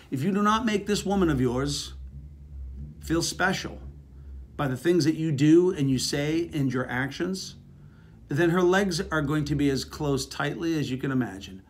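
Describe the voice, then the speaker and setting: A middle-aged man talks straight to the camera about marriage in a blunt, crude, animated way, swearing freely. His voice sits a little higher than most men's. He speaks like a motivational speaker giving a casual talk. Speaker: relationship speaker.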